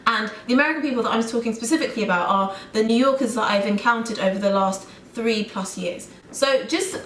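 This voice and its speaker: British girl ranting on her vlog, kinda high voice, echoey room. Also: a little hiss or hum. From United Kingdom. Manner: animated, fast, exasperated. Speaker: vlogger. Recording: roomy room echo.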